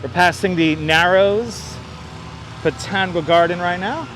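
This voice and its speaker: A man with a fairly high voice chats casually while walking outdoors. He thanks viewers and tosses off jokey asides into a wireless clip-on mic. Faint city traffic hums in the background. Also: unhurried, a bit bright. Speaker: livestreamer. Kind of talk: casual live vlog chat. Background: traffic and city ambience.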